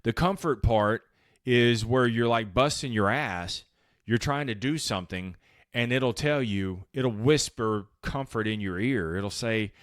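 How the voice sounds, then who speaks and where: A man's voice: mid-range voice, a little slow, dry recording, clean studio sound. A man hosting a motivational podcast, talking casually and with emphasis, using slang and acting out the voices in his head. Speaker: podcast host.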